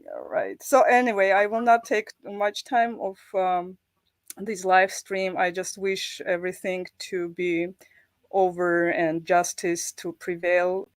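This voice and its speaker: A woman with a half Armenian, half Russian accent, speaking as a guest on a live stream in an earnest, halting way and laughing often. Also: lowish voice, flat delivery, no room sound.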